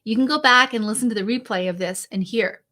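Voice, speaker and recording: A woman who coaches public speakers hosts her own tip video. Her voice sits a little high, and she speaks upbeat and conversationally, straight to the viewer as if across a table. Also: fast, bright, forceful tone. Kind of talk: direct-to-camera coaching tip.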